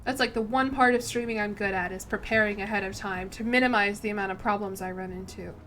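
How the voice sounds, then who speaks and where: A woman's voice: mid-range voice, steady tone, fast, a bit bright. A young woman streaming a strategy game, chatting casually and thinking aloud in a self-deprecating way. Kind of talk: casual gameplay commentary.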